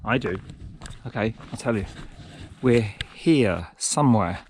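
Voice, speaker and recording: A man's voice: fairly low pitch, expressive, a little slow, a little mellow, slight background noise. A man narrating his trail run in a casual, self-mocking vlog, talking to himself out on a mountain trail. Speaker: trail-running vlogger.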